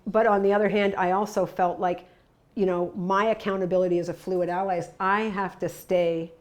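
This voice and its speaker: Emphatic woman giving a talk. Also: on the low side. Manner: emphatic, conversational, frequent tag questions; lively storytelling with sudden bursts of loudness. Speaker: workshop presenter. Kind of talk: presentation to workers.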